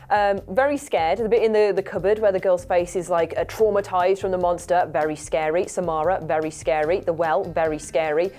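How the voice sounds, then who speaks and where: Animated young woman telling a story. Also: fairly low pitch, quick pace, few pauses, soft background music. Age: young adult. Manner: animated storytelling with acted-out quotes. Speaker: show panelist. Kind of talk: casual chat, telling a story.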